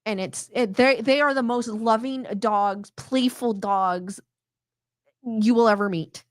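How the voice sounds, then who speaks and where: Chatty woman with a higher voice, dry sound. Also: takes it slowly, dry recording. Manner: chatty, rambling with many restarts; reads viewer comments aloud. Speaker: host reading chat comments. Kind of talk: casual live-stream chat.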